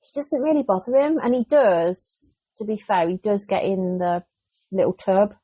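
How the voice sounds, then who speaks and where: Forties English woman co-host, relaxed chat, breathy voice, dry sound. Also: medium pitch, normal speed, no echo. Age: 40s. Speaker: podcast co-host. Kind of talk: casual chat.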